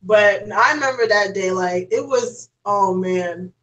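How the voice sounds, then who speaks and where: A woman's voice: medium pitch, unhurried, a bit bright, recorded from a distance, low-quality recording. A young woman chatting casually, rambling and saying "like" constantly. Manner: rambling, heavy use of "like". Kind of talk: casual chat.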